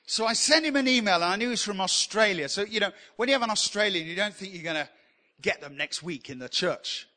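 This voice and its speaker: In a church hall with a long, lingering reverb, a male pastor preaches a sermon built on stories. His bright, high voice moves fast as he spins humorous, self-deprecating tales with lots of animation.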